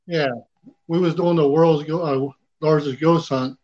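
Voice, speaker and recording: A man's voice: fairly high pitch, fairly even intonation, normal speed, darkish tone, dull audio. A man, a paranormal investigator, telling his own story in plain, colloquial speech. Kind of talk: casual storytelling.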